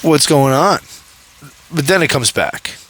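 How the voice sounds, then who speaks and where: A man's voice: a little high, lively intonation, a little slow, a bit bright, a little hiss or hum, low-quality recording. A young man talking through a show episode by episode in a loose, casual way. He rambles, trips over his words and restarts, and laughs often along the way. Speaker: host reviewing a show. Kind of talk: casual commentary.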